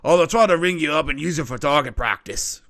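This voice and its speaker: A man voicing a sly, gruff male deep gnome barkeeper who talks in rough slang. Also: lively intonation, brisk, fairly bright tone. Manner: rough slangy talk with "oi" and "ain't".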